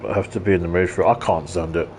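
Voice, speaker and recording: A man's voice: low-pitched, steady tone, very fast, darkish tone, slight background noise. A man from London chatting casually and ranting in asides while live-streaming a retro game at his desk mic.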